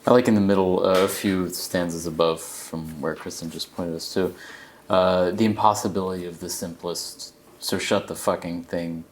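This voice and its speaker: A man's voice: sits low, fairly even intonation, normal speed, slight background noise. A man in a seminar discussion, thinking aloud and restarting often as he works through a poem. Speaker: seminar participant.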